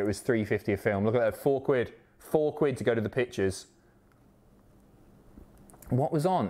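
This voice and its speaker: A man from the Isle of Wight, chatting casually and excitably on a live stream, swearing often. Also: mid-range voice. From Isle of Wight, England. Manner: excitable, sweary, reads chat aloud.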